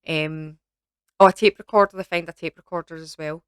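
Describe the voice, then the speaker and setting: A Scottish woman chats her way through a film review, wandering off on tangents and filling gaps with ums. Her voice sits low and comes across smooth and clean. The sound is dry and close, with no room around it. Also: steady tone, fairly quick, fairly bright tone, dry recording. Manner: rambling, lots of ums and asides. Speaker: vlogger reviewing films. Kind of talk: casual chatty film review.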